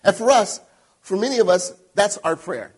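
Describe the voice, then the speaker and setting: A male pastor preaching a sermon, telling stories with sudden loud emphatic bursts and quiet asides. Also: high voice, normal speed, slightly rough.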